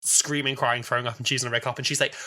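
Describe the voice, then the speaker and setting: Bunged-up twenty-something podcast co-host, crisp bright tone, chatty storyteller. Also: male voice, mid-range voice, level tone, very fast. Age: 20s. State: congested with a cold. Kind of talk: casual chat.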